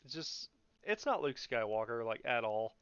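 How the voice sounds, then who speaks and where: A man's voice: mid-range voice, big pitch swings, moderate pace, fairly bright tone, smooth, no room sound, dull audio. A young man hosting a podcast, ranting in a casual, profane, mocking way and often laughing. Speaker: podcast host.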